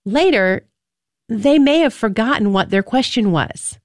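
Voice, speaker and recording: A woman's voice: a little high, animated, a little slow, no room sound. Brief: female host, chatty and direct, close dry studio sound. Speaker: presenter. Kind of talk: reflective talk to listeners.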